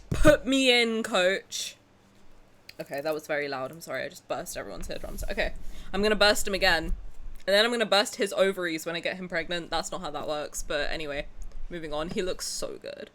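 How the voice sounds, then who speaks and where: A young woman streamer chatting casually and excitedly to her viewers, dramatic and joking crudely. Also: on the low side. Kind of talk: casual livestream reaction chat.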